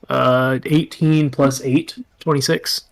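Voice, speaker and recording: A man's voice: medium pitch, fairly even intonation, takes it slowly, gravelly. A man playing in a tabletop game, answering in a matter-of-fact, laid-back way. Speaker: player. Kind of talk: casual tabletop play.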